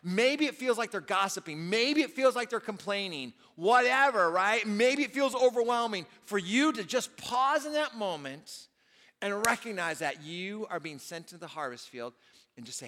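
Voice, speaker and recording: A man's voice: sits high, lively intonation, moderate pace, pushed and bright. A male pastor preaching a sermon in a conversational way, often saying "you know", in a large church auditorium. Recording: long reverb of a large hall.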